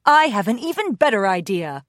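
A woman's voice: mid-range voice, very animated, normal speed, dry recording, studio quality, natural voice. A woman voicing a proud, goofy father pony who tries to sound like a pirate in a storybook reading. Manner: proud, boastful.

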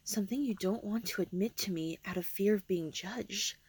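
A young woman in a whispered role-play, talking in a teasing, intimate, breathy way. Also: medium pitch, moderate pace, a little mellow.

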